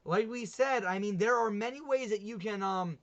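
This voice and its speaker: A man's voice: sits high, moderate pace, a bit bright. A young man hosting a casual sports talk livestream, chatty and rambling, often laughing at himself. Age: young adult. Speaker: livestream host. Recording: dull lo-fi stream audio.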